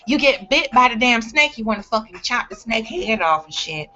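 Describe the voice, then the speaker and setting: A woman's voice: sits high, lively intonation, moderate pace, hardly any pauses, sharp tone, highs cut off, soft background music. A woman talking straight to camera in a blunt, profane, emphatic rant. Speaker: vlogger. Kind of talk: ranting vlog monologue.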